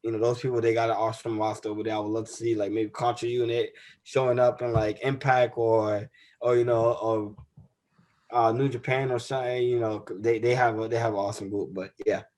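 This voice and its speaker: Young man, mid-pitched voice, relaxed rambling, casual co-host chat. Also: fairly quick. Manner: relaxed, rambling with many fillers and restarts.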